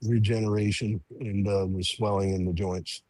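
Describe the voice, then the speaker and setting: A man chatting casually as co-host, explaining things slowly with many restarts. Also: on the low side, level tone, darkish tone, dry recording. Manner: halting, restarts sentences, drawn-out explaining. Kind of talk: casual chat.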